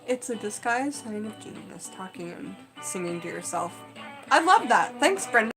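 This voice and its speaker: A woman's voice: mid-range voice, very animated, normal speed, music in the background, poor audio. A woman chatting casually on a live stream, rambling with lots of fillers. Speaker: livestream host.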